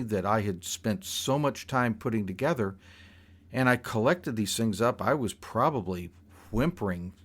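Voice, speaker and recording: An older man telling a personal story in a rambling, halting way, with frequent restarts. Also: medium pitch.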